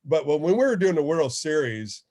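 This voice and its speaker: A man's voice: on the high side, normal speed. A former ballplayer turned radio host telling stories in a casual interview, acting out the people he quotes. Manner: animated storyteller, acts out quoted dialogue.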